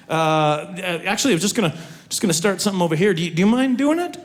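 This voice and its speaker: A man's voice: fairly high pitch, animated, very fast, few pauses. A man in his forties doing stand-up comedy on a stage, self-mocking and talking straight to the audience. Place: theater stage before a live audience.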